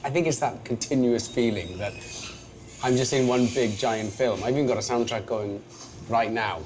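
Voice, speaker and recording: A man's voice: mid-range voice, normal speed, a little mellow. Joking welsh man, noisy background. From Wales. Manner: self-deprecating, jokey, many restarts. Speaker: actor guest. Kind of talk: casual interview chat.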